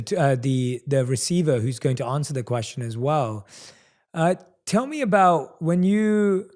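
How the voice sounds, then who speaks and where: A man's voice: mid-range voice, a little mellow. A man hosting a podcast interview, enthusiastic and affirming as he asks questions. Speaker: podcast host. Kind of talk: conversational interview.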